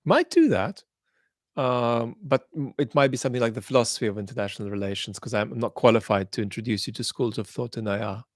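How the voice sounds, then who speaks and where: A man's voice: medium pitch, fast, no room sound. Dry, hesitant male livestream host. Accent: mixed, traces of Australian and London. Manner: thoughtful, hesitant with many ums, blunt in judgement. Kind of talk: live chat commentary reading viewer comments.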